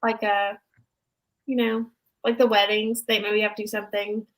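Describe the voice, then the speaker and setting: A young woman, co-hosting a casual recap chat in an excitable, animated way. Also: medium pitch, normal speed, low-quality recording. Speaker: podcast co-host.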